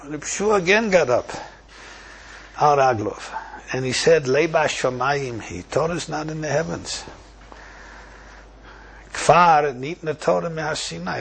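A man teaching a Talmud passage as a lively story, quoting Hebrew and Aramaic lines and translating them. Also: mid-range voice, a little hiss or hum.

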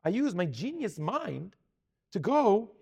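Guy giving a torah talk, pretty high voice w some gravel, gets really animated acting out people. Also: takes it slowly. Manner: animated, acts out quoted voices, restarts words. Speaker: Torah teacher. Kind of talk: sermon.

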